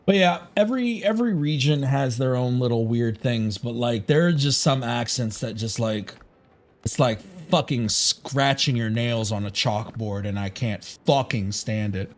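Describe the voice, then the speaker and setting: A man's voice: mid-range voice, expressive, moderate pace. Rambling, foul-mouthed man streaming from Chicago. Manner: rambling, profane and opinionated. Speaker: gaming streamer. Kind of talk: casual livestream chat.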